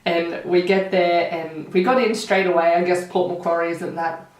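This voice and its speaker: Here a beauty vlogger talks at normal speed in a lowish voice, an Australian woman in her twenties. While she does her makeup she tells animated, chatty stories full of "like" in get-ready-with-me style, heard through a roomy, distant mic.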